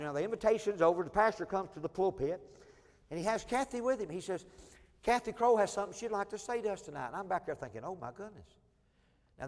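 A man preaching a sermon, telling a personal testimony in a folksy style and swinging between loud and soft. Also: fairly high pitch. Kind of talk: sermon storytelling. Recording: long hall reverb.

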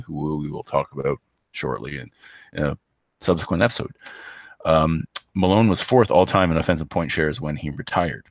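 A man co-hosting a casual hockey podcast, rambling with lots of fillers and restarts, and rattling off stats quickly. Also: a bass voice, dry recording. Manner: reads stats in a quick, flat run. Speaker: podcast co-host.

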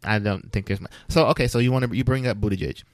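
A man's voice: mid-range voice, fast, no room sound. A man co-hosting a casual political chat, laughing often and rambling with many fillers. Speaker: podcast co-host.

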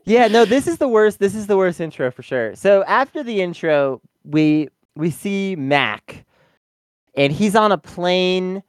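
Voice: mid-range voice, animated, measured pace, smooth, no echo. A podcast co-host recapping an episode in casual review chat, wry and often laughing. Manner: wry, laughing, sums up the plot.

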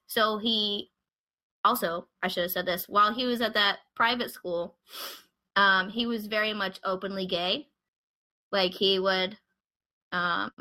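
Young woman, podcast host, bright tone, casual storytelling, wry asides. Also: mid-range voice. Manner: chatty, wry asides while recounting a case. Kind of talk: casual true-crime storytelling.

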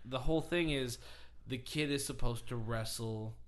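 A man hosting a podcast in casual comedic chat, an animated storyteller who acts out quoted lines and laughs often. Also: medium pitch, moderate pace. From St. Louis, USA. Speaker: podcast host.

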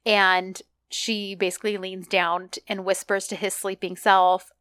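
Mulher animada recontando cenas, som seco. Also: female voice, mid-range voice, a little slow, hardly any pauses, no room sound. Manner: chatty, animated retelling with quoted lines. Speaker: podcast co-host. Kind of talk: casual recap chat.

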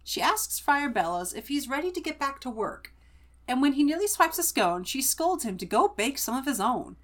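A woman co-hosting a podcast, summarizing a book in animated, chatty casual talk. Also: high-pitched, normal speed. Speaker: podcast co-host.

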